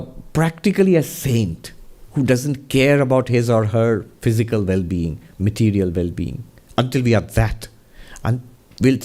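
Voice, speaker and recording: Monk giving a spiritual Q&A talk, measured, conversational storyteller. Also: male voice, medium pitch, a little mellow. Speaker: monk and resident minister.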